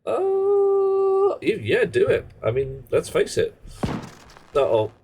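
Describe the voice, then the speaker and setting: A man's voice: very high voice, wildly swooping pitch, takes it slowly, warm tone, breathy edge. A man chatting casually on a live game stream, rambling and joking in muttered asides. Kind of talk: casual live-stream chat while gaming.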